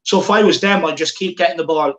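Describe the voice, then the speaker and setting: A man's voice: fairly high pitch, fast talker, a bit bright, roomy sound, low-quality recording. Chatty man hosting a football watchalong. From Ireland. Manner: chatty, reads viewer comments, banter with co-host. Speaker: watchalong host. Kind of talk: live football watchalong chat.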